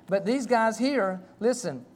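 A middle-aged man preaches from the pulpit. His voice sits high for a man. He tells his story in a folksy, rambling way, full of restarts and asides. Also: lively intonation, a little slow. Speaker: pastor. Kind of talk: sermon with personal story.

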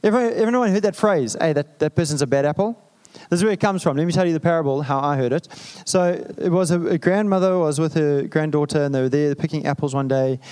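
A male pastor delivers a sermon in a relaxed, chatty way. He jokes and makes asides to the listeners, and his voice sits a little high for a man. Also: fast, few pauses, smooth. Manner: conversational, humorous preaching with asides.

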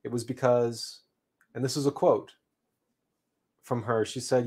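A man hosting a livestream, telling a personal story in an unhurried, reflective way with frequent restarts. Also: mid-range voice, fairly even intonation, a little mellow, husky. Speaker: livestream host.

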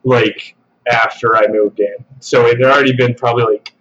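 A man telling an embarrassing story on a podcast in a relaxed, casual way, swearing freely. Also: mid-range voice, moderate pace, highs cut off, slight background noise. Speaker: podcast guest.

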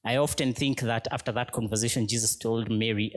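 A man preaching a reflective sermon as a pastor, speaking gently and unhurriedly in short, broken phrases that lead into prayer. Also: medium pitch, steady tone, a little fast.

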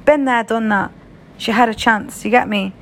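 A woman's voice: fairly high pitch, normal speed, a little hiss or hum. A young British woman telling a story in a casual vlog, frank and chatty, swearing freely. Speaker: vlogger.

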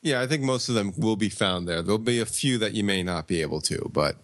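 A man co-hosting a comics podcast, chatting casually and spinning a rambling deadpan tall tale. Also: lowish voice, fast talker, no echo. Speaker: podcast co-host.

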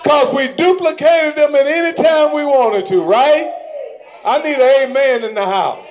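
A man preaching a sermon to his church, calling for amens and breaking into shouted bursts. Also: very high-pitched, a little slow, lo-fi sound.

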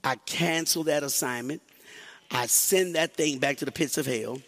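A male pastor preaching a sermon, moving from quiet, slow talk to shouted, sing-song exhortation and calling on the congregation to answer. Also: a little high. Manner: calls on the congregation to respond.

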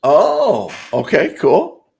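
A man's voice: sits high, wildly swooping pitch, extremely slow, vocal fry, a little mellow, breathy edge. A man co-hosting a podcast, chatting casually with lots of fillers, restarts and chuckles. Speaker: podcast co-host. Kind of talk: casual chat.

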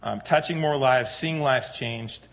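A man's voice: mid-range voice, a little slow, vocal fry, fairly bright tone. Man preaching a casual sermon. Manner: conversational, with fillers and retold dialogue. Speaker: pastor.

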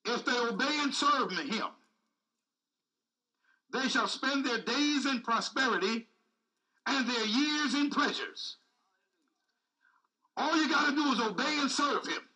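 A man's voice: very high-pitched, expressive, a little slow, long pauses, pushed and bright, recorded from a distance, poor audio. A man preaching a sermon with speech, repeating phrases and calling out to the congregation. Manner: call-and-response preaching, repetitive, emphatic.

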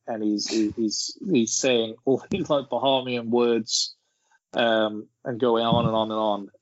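This is a man on the low side of the pitch range, telling a meandering anecdote on a casual podcast and chuckling through it. The recording is dry and sounds dull and lo-fi.

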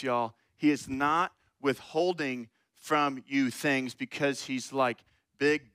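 A man's voice: mid-range voice, pushed and bright, clear, resonant tone, dry recording. A man preaching a conversational sermon, playfully acting out little scenes and voices. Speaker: pastor.

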